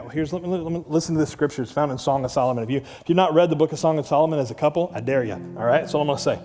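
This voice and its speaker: Animated preacher man in a reverberant hall. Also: very fast, few pauses. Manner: animated, acts out quoted voices with big pitch jumps. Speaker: pastor. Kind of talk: sermon. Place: large church hall.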